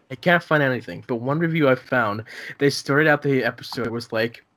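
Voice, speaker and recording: A man's voice: mid-range voice, normal speed, a bit bright, a little hiss or hum. A young man co-hosting a casual podcast, laughing often and stumbling over restarts. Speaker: podcast co-host. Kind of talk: casual chat.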